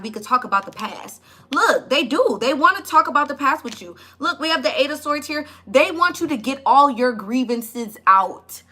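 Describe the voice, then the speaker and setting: Bright, chatty woman reading tarot. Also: sits high, lively intonation, moderate pace. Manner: blunt, chatty, swears and laughs often. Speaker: tarot reader. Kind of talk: casual tarot reading to camera.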